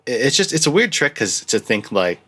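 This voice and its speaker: A young man hosting a casual film review, rambling and restarting often, with lively jumps into quoted lines. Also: medium pitch, a little fast, slightly rough. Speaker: podcast host reviewing films. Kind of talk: casual chat.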